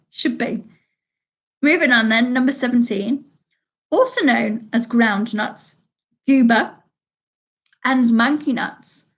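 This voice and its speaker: A woman from the United Kingdom hosting a live online pub quiz, reading each question twice and chatting about players' scores. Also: on the high side. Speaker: quiz host.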